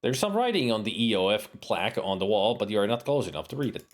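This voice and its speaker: A man's voice: fairly low pitch, sing-song, fast. Joking man streaming a retro game. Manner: joking, self-mocking asides. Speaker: streamer playing a video game. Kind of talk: casual game commentary and reading game text.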